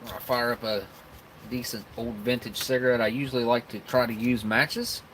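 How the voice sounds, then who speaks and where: A man's voice: mid-range voice, fairly even intonation, normal speed, fairly bright tone, low-quality recording. Southern guy chatting on his livestream, rambly, chuckles a lot, mouth full of snacks, bit of faint hiss behind. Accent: American Southern rural. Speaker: live-stream host. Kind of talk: casual live-stream chat while tasting snacks.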